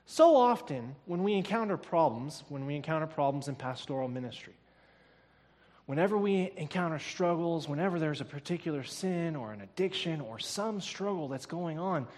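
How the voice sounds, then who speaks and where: A male pastor preaching a sermon to his church, emphatic and building to loud declarations. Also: on the high side. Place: church sanctuary. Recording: long reverb of a church hall.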